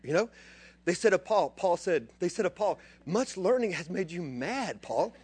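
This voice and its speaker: A man preaching a sermon, dropping to quiet asides and then rising into loud, excited bursts. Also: high-pitched, normal speed. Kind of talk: animated sermon.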